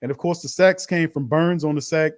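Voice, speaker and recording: A man's voice: fairly high pitch, brisk. A man hosting a live-stream watch party, commenting bluntly on a loss and calling his viewers fam. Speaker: sports show host.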